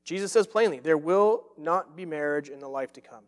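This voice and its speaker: A man's voice: fairly high pitch, fairly quick. Earnest preaching man in a reverberant hall. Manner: earnest, emphatic preaching with repeated phrases. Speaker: pastor. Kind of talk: sermon.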